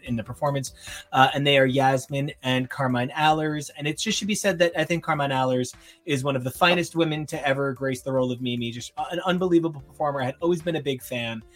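A young man in casual chat on a podcast, rambling through a story and acting out the voices of the people in it. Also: medium pitch. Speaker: podcast co-host.

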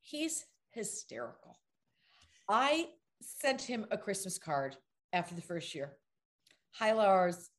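An actress in an interview, telling lively anecdotes and acting out the lines of the people in them. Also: female voice, medium pitch, takes it slowly. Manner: animated storyteller, acts out other people's lines. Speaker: actress guest.

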